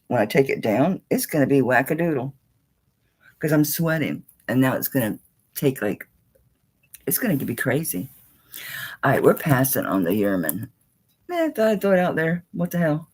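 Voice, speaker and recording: A woman's voice: very deep voice, breathy edge, low-quality recording. A woman, chatting casually and folksily as she sells jewelry on a live stream.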